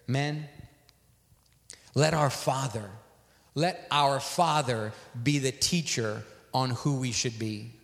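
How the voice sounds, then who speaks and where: A male preacher delivering a sermon in an animated storytelling manner, acting out dialogue. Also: medium pitch, slow, creaky. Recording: long hall reverb.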